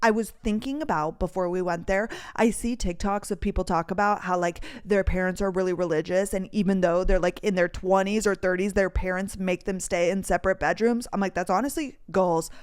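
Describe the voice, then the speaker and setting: A woman's voice: lowish voice, fairly even intonation, brisk, hardly any pauses, clean tone. A young woman in her twenties hosting a podcast, telling a story in a casual, chatty way with many fillers. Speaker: podcast host.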